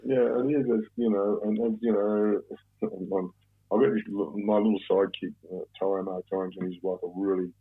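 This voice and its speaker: Brief: blunt, swearing Australian man in his 50s, gravelly and husky, tinny phone-like sound. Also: lowish voice, fairly even intonation, moderate pace. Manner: blunt, swears often, rambling with many restarts. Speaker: podcast guest. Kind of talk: casual conversation.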